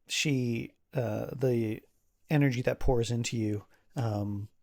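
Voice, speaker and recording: Man running a tabletop game, gravelly voice, halting casual narration, dry close sound. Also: medium pitch, steady tone, a little mellow, no room sound. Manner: casual, halting, many fillers, laughs often. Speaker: game master.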